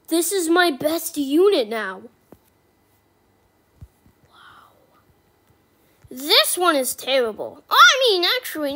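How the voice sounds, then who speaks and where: A woman giving casual gameplay commentary as a YouTuber, talking through her choices and turning excitable when she gets lucky. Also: sits high. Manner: excitable, squealing with joy. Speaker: gaming YouTuber.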